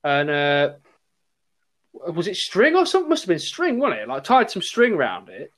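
A young man telling a school story on a podcast, animated and sweary, acting out what people said. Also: fairly high pitch, moderate pace. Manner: animated, sweary storyteller who acts out quotes. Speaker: podcast co-host. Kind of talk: casual storytelling chat.

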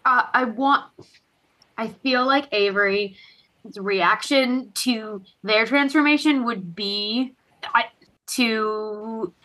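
A woman playing a tabletop game, chatting casually, laughing easily and talking in quick bursts. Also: on the high side, pushed and bright, rough recording. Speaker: player.

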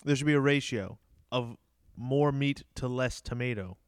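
Man, mid pitch, smooth clean voice, dry close mic, playful and quick to laugh. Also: no room sound. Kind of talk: casual chat.

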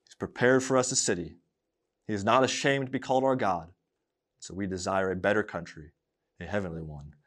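A man preaching a sermon, building with rising emphasis on repeated phrases and dropping to quiet tenderness. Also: sits low, brisk.

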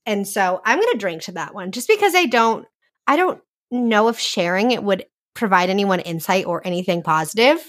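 Young woman co-host, expressive swooping pitch, open and casual. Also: moderate pace. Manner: animated, candid, self-described oversharer. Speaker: podcast co-host. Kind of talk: casual chat.

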